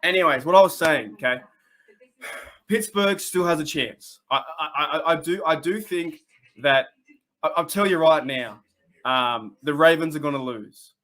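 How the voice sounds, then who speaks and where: Excitable Australian bloke on a livestream. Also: male voice, on the high side, a little slow. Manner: excitable, laughing, rambling with many restarts. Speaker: host of a fan livestream. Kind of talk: casual live-stream chat.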